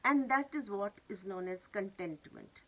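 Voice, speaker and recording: A woman telling a moral fable in an earnest, gently instructive way. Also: medium pitch, measured pace, rough recording. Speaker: storyteller of wisdom talks. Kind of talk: moral storytelling.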